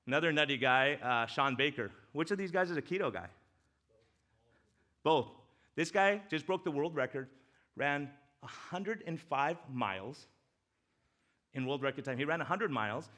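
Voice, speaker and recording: A man, a doctor, giving a casual, joking talk with slides at a church men's breakfast, swinging between loud excitement and quiet emotion. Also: medium pitch. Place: church hall.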